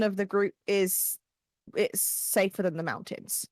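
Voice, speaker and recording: A woman's voice: mid-range voice, steady tone, a little slow, no echo, clean studio sound. A woman playing in a tabletop game, chatting casually and playfully with frequent laughs. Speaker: player.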